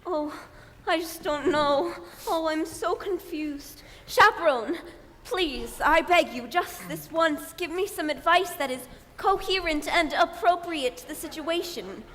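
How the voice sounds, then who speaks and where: A woman's voice: very high-pitched, a little slow, sharp tone, exaggerated voice. A woman playing a flighty young starlet bride in an amateur stage musical, breathless and melodramatic. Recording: reverberant stage hall with faint noise.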